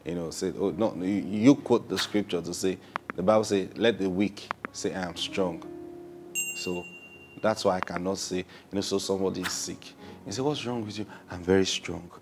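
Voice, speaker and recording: A man preaching a sermon, opening with prayer and acting out little dialogues, swinging from soft to loud. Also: sits low, steady tone, normal speed, noisy background.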